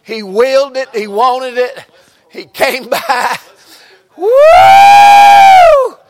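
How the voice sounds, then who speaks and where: A man with a Southern US accent preaching a fervent revival sermon in a church, breaking into sudden shouts and exclamations. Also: very high-pitched, fairly even intonation, slow. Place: church sanctuary.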